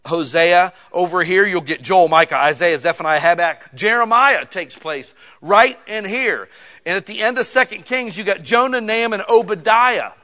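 A middle-aged man preaching a sermon in an animated, folksy way, walking through Bible history and telling a story with sudden shouts. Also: sits high. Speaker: pastor.

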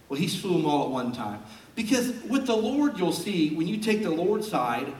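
A man preaching a sermon as a pastor, an animated storyteller who jokes as he talks, recorded in a church sanctuary. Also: high voice, moderate pace. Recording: roomy and distant from the mic.

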